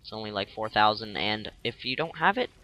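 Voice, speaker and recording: A man's voice: fairly low pitch, expressive, brisk, pushed and bright, highs cut off. A young man casually narrating his gameplay as a tutorial, rambling and jokey, acting out enemies in silly voices.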